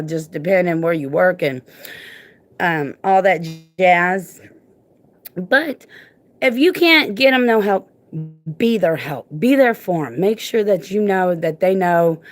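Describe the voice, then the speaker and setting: A woman speaking emphatically into her phone in a casual vlog rant, informal and repetitive, often saying "look". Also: medium pitch. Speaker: parent vlogger and advocate.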